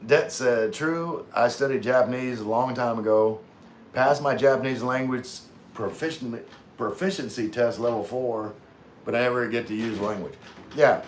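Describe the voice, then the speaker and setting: A man's voice: medium pitch, a little hiss or hum. A man hosting a casual livestream, reading viewer comments aloud and chatting in a rambling way, often losing his train of thought.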